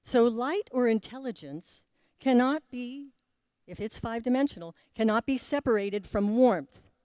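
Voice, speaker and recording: A woman gives a spiritual talk with a fairly high but mellow voice. She takes her time, pausing and letting her voice sink to a near hush. The sound is dry and close. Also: expressive, no echo. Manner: asks the audience questions. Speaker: spiritual teacher. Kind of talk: spiritual talk to a live audience.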